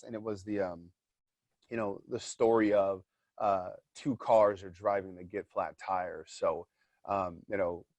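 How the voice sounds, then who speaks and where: Animated man telling a story, dry sound. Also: on the low side, no room sound. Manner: animated storyteller who swears freely and repeats his points. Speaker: guest. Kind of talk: casual interview storytelling.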